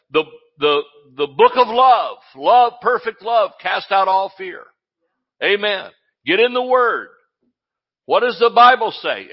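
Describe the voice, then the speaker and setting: A male pastor preaching a sermon in an animated, exclamatory way, often laughing as he speaks. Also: sits high, lo-fi sound.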